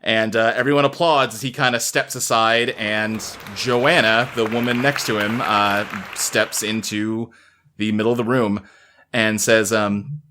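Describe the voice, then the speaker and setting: A man's voice: on the low side, steady tone, measured pace, long pauses, bright, forceful tone. Casual male game master narrating. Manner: casual, lots of fillers like "uh" and "kinda".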